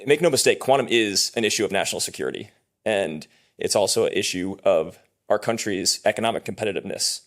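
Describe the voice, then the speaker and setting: A company executive speaks at a press conference in a low-pitched voice. He delivers prepared remarks earnestly, leaning on emphatic phrases. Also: animated, quick pace, a bit bright.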